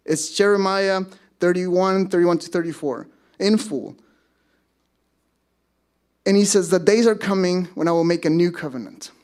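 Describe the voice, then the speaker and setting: A man's voice: sits high, unhurried, pauses often, darkish tone. A man preaching a sermon to his congregation, conversational, with self-deprecating asides. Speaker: pastor. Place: church service.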